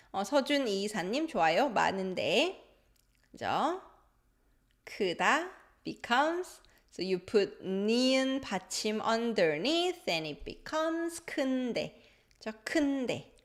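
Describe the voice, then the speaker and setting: A woman whose first language is Korean, teaching a live online language lesson, switching between English and Korean, playful, reading out viewer comments. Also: medium pitch.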